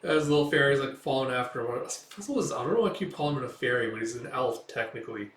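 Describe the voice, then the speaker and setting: A young man talks through a comic in a loose, rambling way, full of fillers. His pitch is middling. He sits back from the mic in a roomy space. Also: lively intonation, fast talker, a bit bright, distant mic. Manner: rambling, filler-heavy, chatty. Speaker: comic read-through host. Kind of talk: casual read-through commentary.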